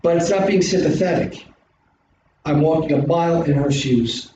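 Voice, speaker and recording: A middle-aged man with a South Philly accent, an instructor giving an animated classroom lecture full of rhetorical questions. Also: a little high, moderate pace. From South Philadelphia, US. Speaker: college instructor. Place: large classroom. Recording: distant echoey classroom recording, dull and hissy.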